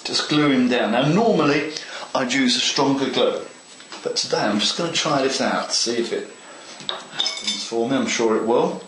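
A man's voice: mid-range voice, moderate pace, echoey room, noisy background. A man hosting a model railway tutorial, chatting eagerly to the viewer as he works through a hands-on craft demonstration. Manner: chatty and enthusiastic, talks to the viewer.

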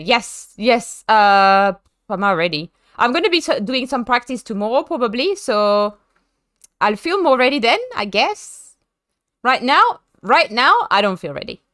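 A young French woman chats her way through a racing stream in a bright, fairly high voice that leaps around with every story. Her delivery is animated and self-mocking, full of quick theatrical asides. The sound is dry and close, with no room around it. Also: smooth, dry recording. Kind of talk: casual live-stream chat while sim racing.

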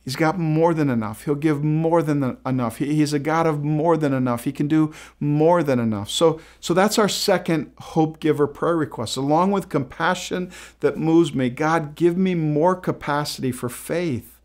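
A man's voice: a little high, normal speed, few pauses, a little mellow. A male pastor preaching a sermon, telling stories with frequent repeated words and restarts, acting out quoted dialogue in a shifting voice.

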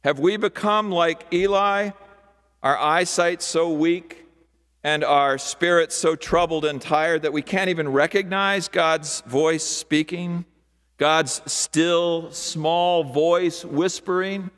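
Slow-preaching pastor in a reverberant sanctuary. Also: male voice, fairly high pitch, fairly even intonation. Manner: slow, deliberate preaching with dramatic pauses and hushed asides. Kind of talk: sermon. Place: large church sanctuary. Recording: long hall reverb.

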